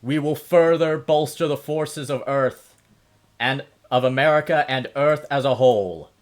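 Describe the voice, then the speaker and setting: A man puts on a commanding male military leader addressing a crowd. The delivery is oratorical and rousing, pitched above his usual voice and pushed louder. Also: measured pace, close to an everyday voice.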